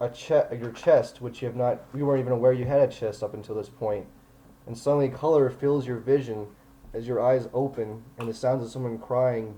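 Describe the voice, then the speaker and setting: A man's voice: medium pitch, mellow, poor audio. A man running a tabletop game as game master, narrating scenes in an easygoing, chatty way.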